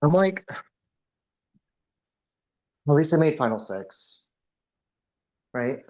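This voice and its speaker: A man's voice: fairly high pitch, big pitch swings, takes it slowly, a little mellow, dry recording. Blunt, foul-mouthed man on a dry mic. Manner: blunt, crude and profane. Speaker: contestant in an online competition game. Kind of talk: casual banter on a group call.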